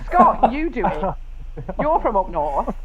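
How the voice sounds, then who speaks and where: A woman's voice: a little high, sing-song, slow pace, over a noisy crowd. Teasing woman on a muffled call. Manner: laughing, teasing. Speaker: podcast guest. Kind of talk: casual chat. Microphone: video call.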